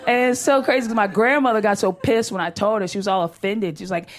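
A woman's voice: mid-range voice, fairly even intonation, fast talker, few pauses. Brash, profane woman doing stand-up. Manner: brash, profane, conversational storytelling. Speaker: stand-up comedian. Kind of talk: stand-up comedy set. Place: live comedy stage.

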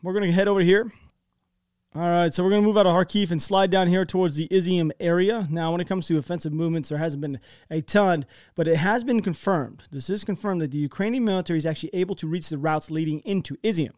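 A man's voice: high voice, fast talker, darkish tone, no room sound, studio quality. Chatty American man rambling over maps. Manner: rambling, chatty, many restarts. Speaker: war-map commentator. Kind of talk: casual commentary over maps.

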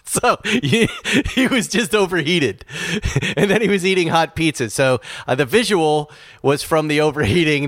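A man co-hosting a casual podcast, spinning an animated, self-mocking story at a middle pitch. His voice is dry and close to the mic, with no room sound at all. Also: dry recording. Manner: animated, self-mocking, laughs while telling. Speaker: podcast co-host.

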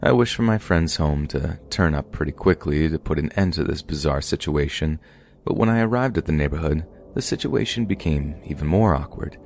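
Very deep-voiced man reading stories. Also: animated, moderate pace, vocal fry, darkish tone, a little hiss or hum. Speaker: podcast host reading stories. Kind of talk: scripted horror story narration.

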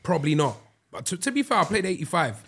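A young man, co-hosting a podcast and telling animated stories in casual chat. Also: on the high side, quick pace, husky. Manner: animated storyteller, slips into excited voices. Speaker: podcast co-host.

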